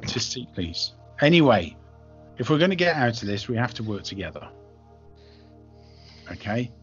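A man narrating as game master in an online tabletop game, relaxed and hesitant. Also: medium pitch, normal speed, dull audio, faint music behind. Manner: relaxed, hesitant, lots of ums.

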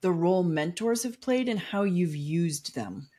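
Low-voiced woman hosting an interview. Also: expressive, a little slow, warm tone, husky. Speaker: podcast host. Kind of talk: casual interview. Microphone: podcast call.

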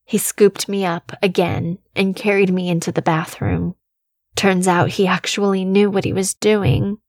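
A woman reading a scripted horror story in the first person, slow and measured, with a quiet tension running through her storytelling. Her voice sits close to the mic in a dry, dead space. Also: medium pitch, little pitch movement, no echo. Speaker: narrator.

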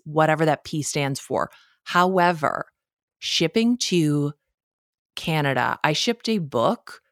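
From her home office, a woman with a Midwestern American accent hosts a solo podcast, chatting casually, poking fun at herself and laughing often. Her voice sits low, and the sound is clean, studio-like and free of echo.

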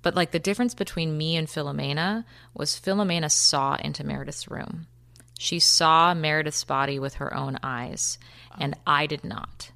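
A woman in her thirties, a podcast guest, retelling events quickly and vividly, acting out what people said. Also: sits low, creaky, sharp tone. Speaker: interview guest. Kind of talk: recounting a personal story.

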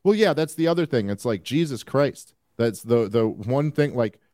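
A man hosting a podcast, talking through political commentary in a rambling, animated way with many fillers. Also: medium pitch, normal speed, no room sound, studio quality. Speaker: podcast host.

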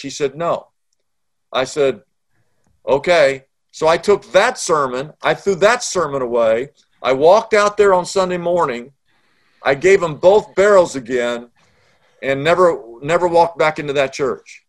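A man's voice: a little high, lively intonation, a little slow. A middle-aged man, a pastor telling a story in an interview and acting out the dialogue.

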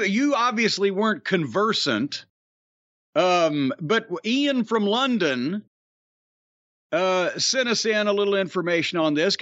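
Middle-aged male host, profane and rambling, high lively voice on a dry, dull recording. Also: no echo. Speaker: podcast host. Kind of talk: casual chat.

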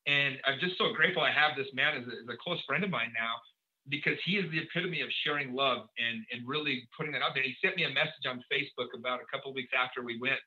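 Telling a personal tale as a podcast guest, a man speeds along animatedly and performs snippets of conversation. Plenty of "um"s and "uh"s come through in his sharp, forceful voice, and the audio quality is dull and lo-fi.

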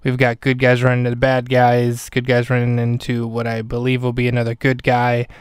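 A man hosts a podcast and recaps a movie scene by scene in a chatty, wry manner. His voice is smooth and clear. The sound is dry and close, with no room around it. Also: medium pitch, completely flat delivery, a little fast, dry recording. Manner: chatty, wry, mock-serious ad voice. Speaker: podcast host. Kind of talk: casual episode recap and mock ad read.

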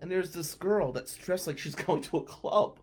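A man telling a first-person anecdote, swinging from hushed asides to loud outbursts. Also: sits high, normal speed, breathy edge. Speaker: storyteller.

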